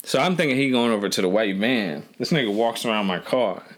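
Relaxed, profane man telling a road story. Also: lowish voice, a little fast. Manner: loose, profane, rambling storyteller with restarts. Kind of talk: casual storytelling chat.

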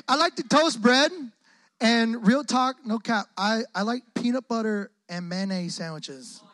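A young man preaching a lively call-and-response sermon in a church hall, joking often and using lots of casual slang. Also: very high voice, slow. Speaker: guest preacher. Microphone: close microphone on the speaker.

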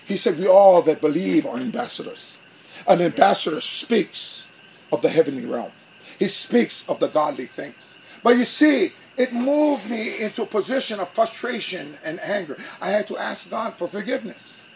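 Male pastor, high-pitched, animated storyteller, faint noise in the background. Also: moderate pace, gravelly. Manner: animated storytelling, acting out both sides of an argument. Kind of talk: sermon.

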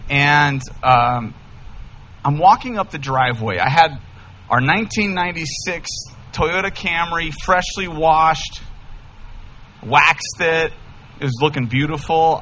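A man in his thirties, a pastor, telling a humorous story in an animated, enthusiastic sermon. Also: fairly high pitch, slight background noise. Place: church sanctuary.

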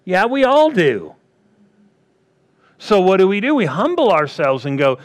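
A man preaching a sermon, acting out quoted voices and swinging between loud bursts and hushed asides. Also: high-pitched, expressive, slow.

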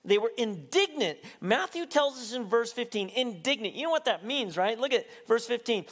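An animated male preacher with a fairly high, light voice, building from quiet reflection to near-shouting. He laughs often as he preaches. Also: normal speed, few pauses. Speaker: pastor. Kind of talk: sermon.

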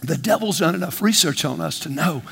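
A higher-voiced man preaching, swinging between a relaxed conversational tone and bursts of shouted emphasis. He keeps tossing questions to the congregation and playing out little dialogues. His voice rings through a large church with a long reverb. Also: fairly quick, creaky, slightly rough. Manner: animated preaching, call-and-response, acts out dialogue. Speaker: pastor. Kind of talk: sermon. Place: church sanctuary.

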